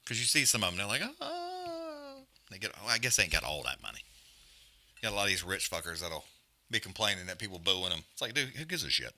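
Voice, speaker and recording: A man's voice: deep voice, very animated, fast, bright, forceful tone. A man hosting a live fight watch-along, trash-talking fighters in blunt, profane casual chat. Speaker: live stream host.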